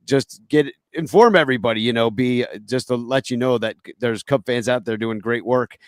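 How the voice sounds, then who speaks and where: A man's voice: mid-range voice, moderate pace, no room sound, studio quality. A man hosting a live fan podcast, rambling casually with lots of fillers and laughs. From Chicago. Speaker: podcast host. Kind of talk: casual live-stream chat.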